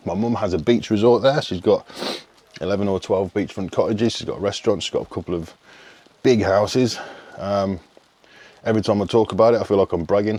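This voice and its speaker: A man's voice: low-pitched, a little mellow. A man, chatting casually to camera as a fitness coach, rambling and swearing freely. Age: 30s. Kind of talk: casual vlog chat.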